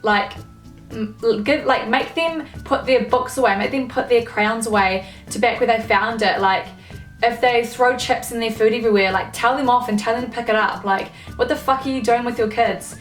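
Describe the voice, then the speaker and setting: A woman's voice: a little high, moderate pace, soft background music. A young woman, ranting casually to camera, swearing often and leaning on fillers. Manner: swears a lot, filler-heavy, exasperated. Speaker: vlogger. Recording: echoey room, mic at a distance.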